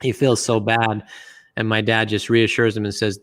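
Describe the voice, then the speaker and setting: A middle-aged man, an interview guest, telling family anecdotes in a relaxed, rambling way with many fillers. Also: on the low side, normal speed, clear, resonant tone, no room sound. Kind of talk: anecdotal storytelling.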